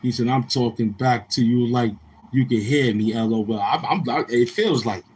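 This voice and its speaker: With a mid-range, darkish voice at a moderate pace, a Brooklyn, New York man rambles through stories on his livestream. His talk is loose and repetitive, full of quoted dialogue where he plays other people's lines, and a little hiss or hum can be heard.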